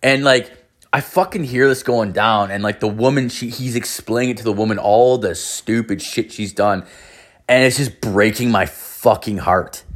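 A man's voice: lowish voice, moderate pace. A man in his thirties hosting a podcast, telling a story in a rambling, profane way full of fillers. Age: 30s. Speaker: podcast host. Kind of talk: casual storytelling monologue.

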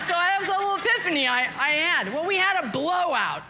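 A woman in her fifties telling a personal story in a candid, self-deprecating, animated way. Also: very high-pitched, a little fast, hardly any pauses, background noise. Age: 50s.

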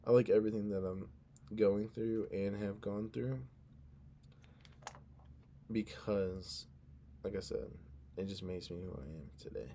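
A man's voice: fairly low pitch, unhurried, long pauses, mellow, a little hiss or hum. A young man hosting a casual solo podcast, talking in an earnest, rambling way and cutting himself off, sounding drowsy. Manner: rambling, earnest, self-interrupting. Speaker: podcast host.

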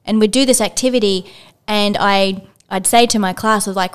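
A woman co-hosting a podcast, telling stories in an animated way and acting out past conversations. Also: medium pitch, moderate pace, hardly any pauses, smooth. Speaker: podcast co-host, former educator. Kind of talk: casual interview chat.

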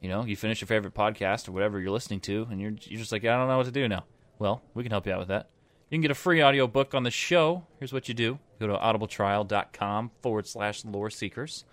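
A man co-hosting a podcast, chatting casually and excitedly, joking and laughing often. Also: fairly low pitch, quick pace, dry recording. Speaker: podcast co-host. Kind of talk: casual chat.

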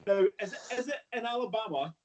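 A man's voice: high-pitched, lively intonation, fast, low-quality recording. A man chatting casually, swearing now and then. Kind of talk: casual conversation.

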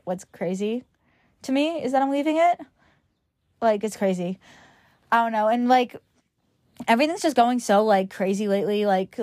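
A teenage girl from Long Island, New York hosts her podcast, rambling through a casual chat and dropping "like" all over her sentences. Her voice sits in the mid-range with a darkish tone, recorded clean in a studio with no echo.

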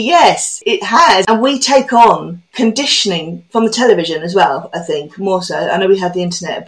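A woman hosting a podcast interview, reflective and chatty, telling her own stories at a brisk conversational pace. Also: medium pitch, low-quality recording. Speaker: podcast host.

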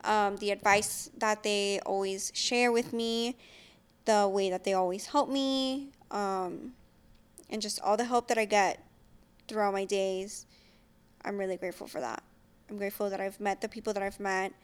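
A young woman co-hosting a casual chat, speaking softly and hesitantly with frequent ums. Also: mid-range voice, steady tone, normal speed, clear, resonant tone. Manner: soft-spoken, hesitant, with many ums. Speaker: co-host.

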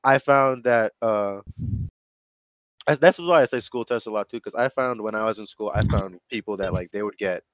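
A man chatting casually and swearing freely, telling stories in an animated way with plenty of "like.". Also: fairly low pitch, moderate pace, dry recording. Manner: profane, animated storytelling full of "like". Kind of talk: casual chat.

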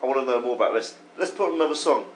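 A man's voice: mid-range voice, animated, racing, poor audio. A man co-hosting a comedy podcast, playful and teasing, running the gags. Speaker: podcast co-host. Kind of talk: casual comedy chat.

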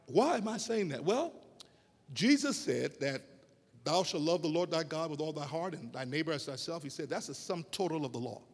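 A man preaching a sermon to a congregation, with emphatic, drawn-out phrases and rhetorical questions. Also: a little high, expressive, vocal fry, slightly rough, long reverb tail. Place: church sanctuary.

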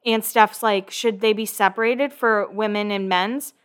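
A woman's voice: medium pitch, measured pace, smooth. A young woman casually recapping a reality show episode, acting out the cast's lines and swearing freely. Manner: animated, acts out quotes from the show, swears casually. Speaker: recap podcast host.

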